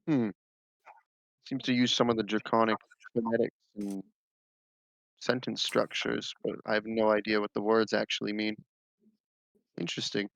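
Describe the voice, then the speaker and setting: A man playing his character in a tabletop role-play game, explaining things in a measured, scholarly way. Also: on the low side, little pitch movement, vocal fry, fairly bright tone, no room sound, low-quality recording.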